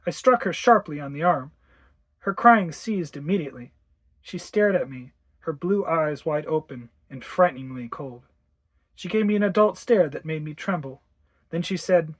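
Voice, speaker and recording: A narrator reading a ghost story aloud in an expressive way, acting out the dialogue. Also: mid-range voice, normal speed, husky, no echo. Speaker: audiobook narrator.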